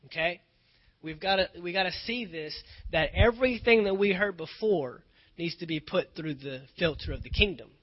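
Earnest and emphatic, a male preacher repeats phrases often to drive his sermon home. He has a high-pitched voice and a normal speaking speed, captured in dull lo-fi quality.

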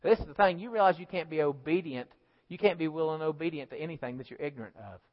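A high-voiced male pastor preaches in a church, his words trailing into a long hall reverb. The recording is dull and lo-fi, and he moves from loud, emphatic declarations to quiet asides while checking in with the congregation. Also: quick pace. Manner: preaching with call-and-response asides, rising and falling in volume. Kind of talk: sermon.

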